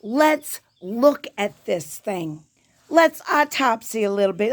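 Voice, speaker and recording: A woman's voice: a little high, animated, slow. A woman hosting her own podcast, delivering an impassioned, profane political rant with urgent emphasis. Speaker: podcast host.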